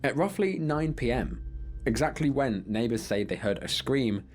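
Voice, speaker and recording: A man's voice: medium pitch, animated, moderate pace, a little hiss or hum. Man narrating a grim scripted story. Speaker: documentary narrator.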